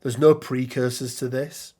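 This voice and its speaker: A male podcast co-host with a mid-range, darkish voice and flat delivery talks informally about a tabletop miniatures game. He keeps restarting and saying um, and he reads rules text out loud as he goes.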